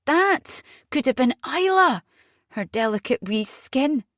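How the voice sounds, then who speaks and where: A woman reading an audiobook voices an agitated young mother, fierce and frightened, her voice jumping high when upset. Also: lively intonation, takes it slowly, fairly bright tone, no room sound, clean studio sound, heavily acted.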